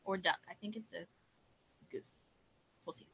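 A young woman reading picture books aloud to children, gentle and chatty, pausing to ask questions. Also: medium pitch, fairly even intonation, gravelly, breathy edge, poor audio. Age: young adult. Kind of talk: picture-book read-aloud.

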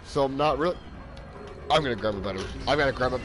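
A man streaming live gameplay commentary into a headset mic, often yelling in frustration and laughing. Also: medium pitch, animated, fast, over music, rough recording. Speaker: game streamer.

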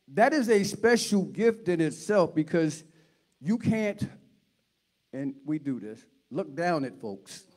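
A man preaching a guest sermon in high-energy call-and-response style. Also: warm tone.

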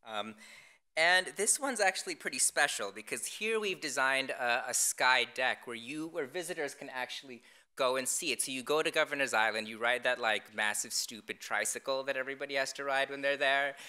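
A man presenting his design work in a public lecture, speaking in a deadpan, wry way with frequent ums and restarts. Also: mid-range voice, brisk, smooth.

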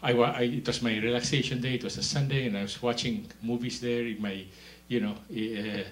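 A man delivers an animated sermon at a fairly quick pace, swinging between soft, low asides and loud, high-pitched exclamations, laughing as he tells stories. The sound is roomy with a little hiss or hum.

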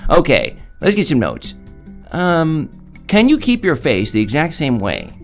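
Guy hosting improv comedy, animated and jokey, guitar music playing behind. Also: a little high, gravelly. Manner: animated, playful, quick asides. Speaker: comedy show host playing a director.

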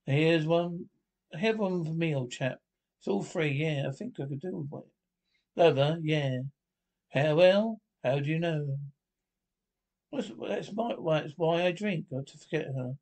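Guy doing a sloppy drunk passenger, slurry and rambling, soft and low. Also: unhurried, creaky. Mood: maudlin.

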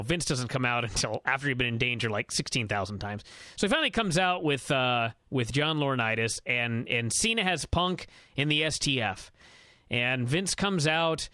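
A man recapping a wrestling match on a radio show, telling it in a quick, excited run with many fillers. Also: mid-range voice, dry recording. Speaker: wrestling analyst.

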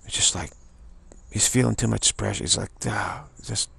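A man's voice: on the low side, a little fast, creaky, pushed and bright, slightly rough. A man giving an informal spiritual talk, rambling through anecdotes and acting out the voices of people he quotes. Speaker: spiritual teacher.

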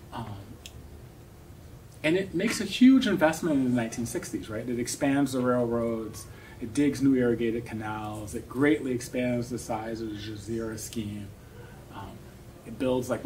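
A man giving an academic seminar talk, explaining in a thoughtful way with many pauses and tag questions. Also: mid-range voice, darkish tone. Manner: thoughtful, explanatory, frequent "um" and "right?". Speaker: academic speaker. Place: seminar room. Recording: distant mic with faint noise.

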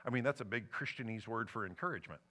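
Bright-voiced man preaching a personal story. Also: on the low side, fast talker. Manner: personal storytelling with lively emotional swings. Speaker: pastor. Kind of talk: sermon. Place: church sanctuary.

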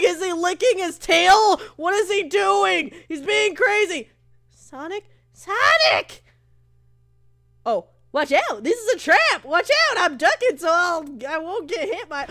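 A woman hosting a let's play, excitable and shrieking at jump scares. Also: very high voice, measured pace. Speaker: gaming channel host.

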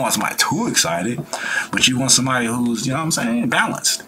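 A man's voice: medium pitch, lively intonation, quick pace, pushed and bright, a little hiss or hum. A man hosting a reaction video, talking in a laid-back, slangy way and preaching about life and good vibes. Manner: acts out quoted people in changed voices. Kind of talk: casual reaction commentary.

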